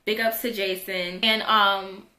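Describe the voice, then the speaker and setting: A young woman telling a personal story in a casual storytime, animated and dramatic, acting out the quoted voices. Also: mid-range voice, a little slow. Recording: echoey room.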